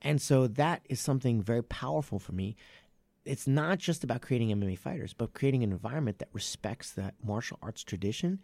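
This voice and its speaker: A man with a gravelly, slightly creaky voice talks martial arts on a podcast, rambling and correcting himself, then picking up energy when he drives a point home. The sound is dry and close, with no room in it. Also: mid-range voice, expressive, a little fast, a little mellow, no echo. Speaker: martial arts academy owner and podcast host. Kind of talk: casual podcast chat.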